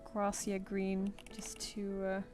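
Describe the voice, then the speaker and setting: A woman's voice: medium pitch, monotone, slow, a little mellow, faint music behind. A woman streaming while she draws, thinking aloud and answering her viewers in casual chat. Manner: chatty, thinks aloud, reads chat comments and answers them. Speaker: streamer drawing live.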